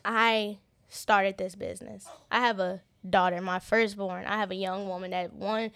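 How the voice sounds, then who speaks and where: A young woman telling a personal story as an interview guest. She talks in halting starts and often repeats words in earnest. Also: medium pitch, steady tone, fairly bright tone, dry recording. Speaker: interview guest, business owner.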